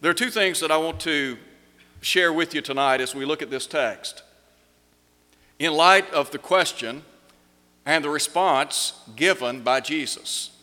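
A man preaching an evening sermon from the pulpit, with a measured cadence that slows down and speeds up for emphasis. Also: a little high, pushed and bright. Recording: long hall reverb.

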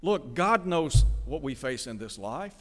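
A man's voice: medium pitch, very animated, unhurried, fairly bright tone, big-room sound. A man preaching a radio sermon, reading scripture aloud and asking his listeners direct questions in an earnest manner.

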